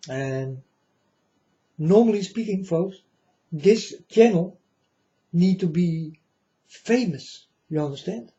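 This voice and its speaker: Slow, dark-voiced man preaching to viewers. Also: high-pitched, expressive, highs cut off. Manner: slow, repetitive, keeps asking "you understand?". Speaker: channel host. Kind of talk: religious monologue to viewers.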